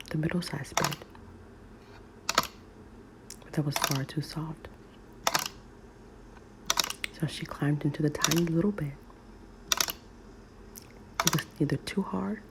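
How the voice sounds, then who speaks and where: A woman reading a children's story in soft ASMR whispers, over loud nail tapping clicks. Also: deep voice, steady tone, heavy background noise. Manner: soft, slow, soothing reading.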